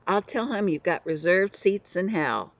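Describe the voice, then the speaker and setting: A woman's voice: fairly low pitch, animated, unhurried. A woman doing a crafty street boy. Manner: crafty, putting on airs. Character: clever scheming street-boy servant.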